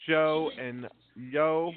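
A man's voice: on the high side, steady tone, drawn-out words, slight background noise. A man hosting a wrestling news podcast in casual chat. He reads long lists of names unhurriedly, with many ums. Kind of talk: casual talk show chat. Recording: tinny phone-line audio.

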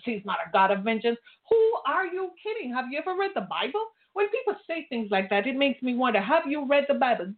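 A woman preaching an impassioned sermon, pressing her listeners with pointed rhetorical questions. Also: fairly high pitch. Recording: tinny phone-like line.

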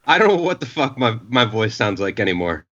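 Brief: man from New York, halting casual podcast talk, slightly muffled lo-fi audio. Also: lowish voice, sing-song, a bit bright. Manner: halting, repeats words.

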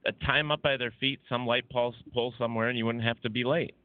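A man's voice: mid-range voice, fairly even intonation, quick pace, no room sound, narrow, tinny audio. A man hosting a paranormal talk radio show, joking and stumbling over his words. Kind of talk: casual chat.

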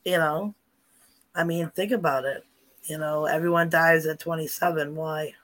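A woman's voice: low voice, steady tone, moderate pace, a bit bright. A woman in casual chat, animatedly telling paranormal stories with lots of repetition and asides.

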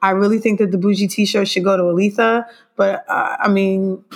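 A woman's voice: medium pitch, fairly even intonation, moderate pace. A woman hosting a podcast in a casual, conversational way, addressing listeners as "you guys" and "y'all". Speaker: podcast host. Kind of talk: casual chat.

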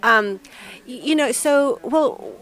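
A woman's voice: high voice, slow pace, a bit bright. A woman with an American accent interviewing a guest, chatty and enthusiastic, with loose, rambling phrasing. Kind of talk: podcast interview.

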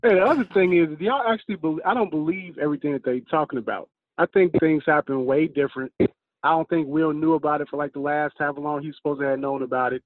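A man co-hosting a podcast, talking quickly and skeptically. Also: fairly high pitch, no echo. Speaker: podcast co-host. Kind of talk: casual podcast banter. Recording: tinny phone-like line.

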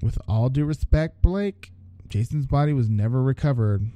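A man's voice: mid-range voice, animated, moderate pace, dark tone, no echo, natural voice. A man voicing an earnest, insistent young woman arguing her case.

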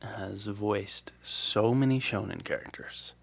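A man's voice: on the low side, slow, vocal fry, husky. A man co-hosting a podcast in casual chat, enthusiastic and full of fillers. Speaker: podcast co-host. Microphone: headphones and mic at home.

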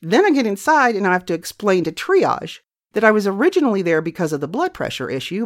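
A woman's voice: medium pitch, big pitch swings, fast talker. A middle-aged woman hosting a show, telling a personal story in a candid, profane, self-mocking way. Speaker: podcast host.

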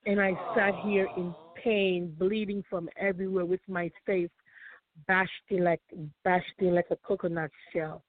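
A woman's voice: lowish voice, flat delivery. Woman telling her story over a phone line. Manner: halting, repeats phrases. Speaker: guest sharing her story. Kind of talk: emotional personal testimony. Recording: tinny phone line, faint music.

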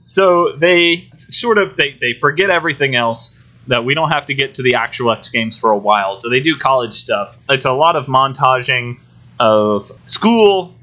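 A podcast co-host with an animated, mid-range voice casually recaps a movie plot in rambling detail at normal speed. His voice sounds pushed and bright, though the recording itself is dull and lo-fi.

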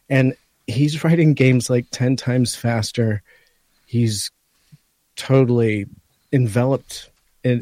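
Mellow man co-host, halting. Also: medium pitch, dry recording. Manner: warm, a bit choked up, halting. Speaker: podcast co-host. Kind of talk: casual heartfelt chat.

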